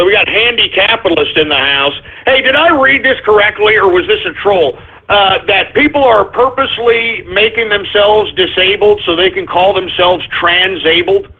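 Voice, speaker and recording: A man hosting a call-in radio show, ranting angrily with profanity and sudden shouts. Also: high-pitched, slightly rough. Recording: phone-like narrow sound.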